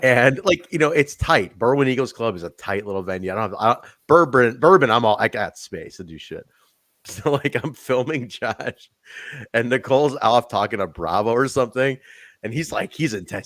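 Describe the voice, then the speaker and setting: A young man hosting a podcast, telling backstage stories in an animated, laughing, profanity-filled way. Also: medium pitch, moderate pace, no room sound. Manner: animated, swearing, laughing storyteller. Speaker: podcast host. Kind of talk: casual chat.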